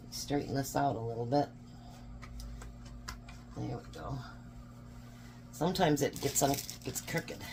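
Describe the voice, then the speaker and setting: A woman's voice: sits low, noisy background. A woman chatting casually while cooking supper at home, joking about herself as she goes. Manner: chatty, self-deprecating, laughs at herself. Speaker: cooking vlogger. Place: home kitchen.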